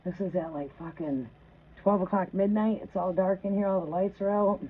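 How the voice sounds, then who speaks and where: A woman with a husky, medium-pitched voice and fairly even intonation hosts a tarot live stream from her trailer home at a moderate pace. Her talk is casual and conversational, full of rambling, profane stories and repeated "right?" questions. It's recorded with tinny, phone-like sound and faint noise.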